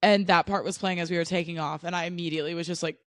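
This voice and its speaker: A woman's voice: fairly low pitch, fairly even intonation, very fast, fairly bright tone, no echo, studio quality. A young woman from the United States co-hosting a podcast, chatting casually and bluntly, with lots of "like" and easy laughs. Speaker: podcast co-host.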